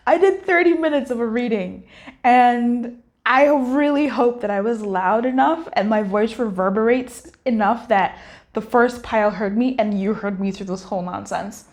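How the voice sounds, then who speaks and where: A woman's voice: fairly high pitch, moderate pace. Candid swearing woman reading tarot. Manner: candid, swears, laughs, addresses viewers directly. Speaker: tarot reader.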